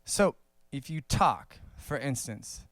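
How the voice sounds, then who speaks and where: A man giving a casual saxophone lesson, talking in a relaxed, conversational way with many fillers and small laughs. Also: medium pitch, takes it slowly, dry recording, studio quality. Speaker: saxophone teacher.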